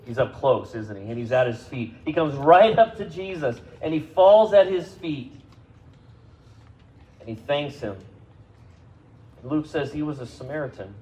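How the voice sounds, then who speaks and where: A man's voice: lively intonation, unhurried, pauses often, dark tone, a little hiss or hum, rough recording. Conversational male pastor preaching a sermon. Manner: conversational, asks the congregation questions, rises in pitch and volume for emphasis. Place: church service.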